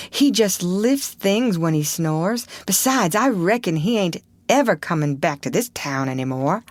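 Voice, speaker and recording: A woman's voice: medium pitch, no echo, pitched above the performer's own voice. A woman voicing a frightened, superstitious ragged country boy who talks in a rustic drawl. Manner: rustic drawling dialect, ain't and reckon.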